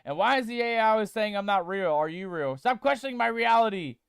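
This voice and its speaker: A man's voice: sits high, animated, quick pace, creaky, clean tone, no room sound, studio quality. A man streaming a game, chatting casually and playfully with viewers he calls mateys while reading chat aloud. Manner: reads chat aloud and tests text-to-speech voices.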